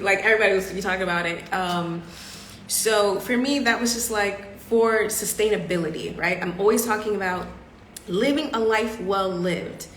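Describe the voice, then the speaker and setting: Woman, thirties, chatty and expressive, laughs often, roomy echo, faint background hum. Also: medium pitch. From Southern United States. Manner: chatty and expressive, laughs often, acts out other people's lines. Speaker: podcast host. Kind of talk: casual live-stream chat.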